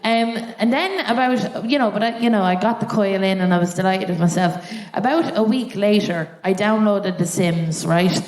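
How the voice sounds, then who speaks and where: A woman's voice: medium pitch, normal speed, hardly any pauses, a little mellow. An Irish woman performing a live stand-up set on a theatre stage, telling a story with acted-out voices. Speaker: stand-up comedian. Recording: roomy live theatre sound.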